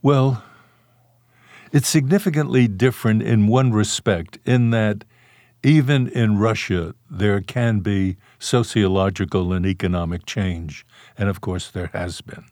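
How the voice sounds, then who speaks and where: A man's voice: on the low side, a little slow, a little mellow, no echo, clean studio sound. An older man, a guest author in a podcast interview, telling wry stories from his past and chuckling now and then. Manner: anecdotal, wry, chuckles while recalling.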